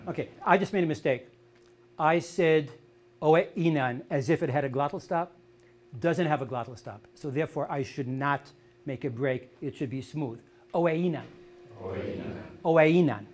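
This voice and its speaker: An older man leads an outdoor language class, and his voice sits a little high for a man. He drills words slowly and patiently corrects each student's pronunciation. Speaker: language teacher. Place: outdoor meadow gathering.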